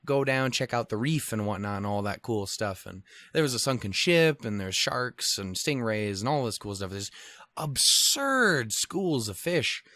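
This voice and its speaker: A man's voice: mid-range voice, very animated, unhurried, pushed and bright, no echo. A man hosting a podcast alone, telling a rambling, profane, self-deprecating travel story in casual chat. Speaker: podcast host. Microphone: podcast microphone.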